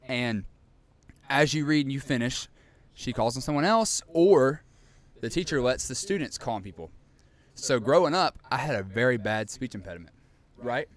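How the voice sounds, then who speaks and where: A young man co-hosting a podcast, telling a story in a lively, animated way and acting out scenes. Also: mid-range voice, moderate pace. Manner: animated storyteller, acts out scenes, laughs often. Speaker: podcast co-host. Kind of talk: casual chat, storytelling.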